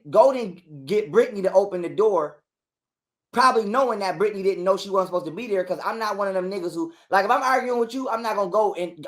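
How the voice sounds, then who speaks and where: In a casual interview, a high-voiced man tells a long, animated story packed with cursing and repetition.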